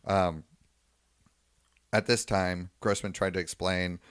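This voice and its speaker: A man's voice: deep voice, steady tone, takes it slowly, fairly bright tone, smooth, dry recording, clean studio sound. A man co-hosting a podcast, recounting a news story at length in casual talk and paraphrasing what people said. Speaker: podcast co-host.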